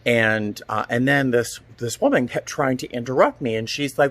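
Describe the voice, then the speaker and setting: A man's voice: medium pitch, animated, moderate pace, fairly bright tone. A middle-aged man chatting casually to his vlog camera outdoors at home, telling a long story and acting out the voices of the people in it. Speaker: vlogger. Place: outdoors at home, feeding cats.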